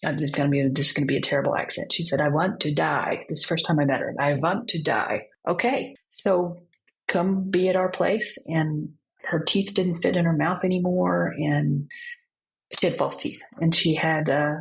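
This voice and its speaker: Low, gravelly-voiced woman telling gentle stories. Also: fairly even intonation, low-quality recording. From United States. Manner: gentle, unhurried storytelling with pauses. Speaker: end-of-life counselor and guest. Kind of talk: reflective podcast conversation.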